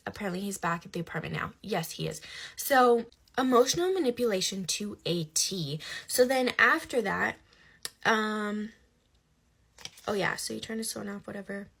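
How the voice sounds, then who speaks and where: A young woman telling a personal story in casual conversation, animated, swinging between hushed asides and loud outbursts. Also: medium pitch, moderate pace, creaky.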